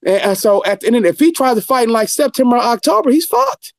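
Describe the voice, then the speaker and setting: Fast-talking fired-up man, high voice. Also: dry recording. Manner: profane, fired-up, talks fast. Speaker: guest commentator. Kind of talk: heated boxing rant.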